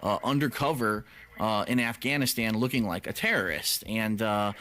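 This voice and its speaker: A man's voice: on the low side, moderate pace, pushed and bright. A man presenting a countdown video, explaining each entry in a matter-of-fact way. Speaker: video creator.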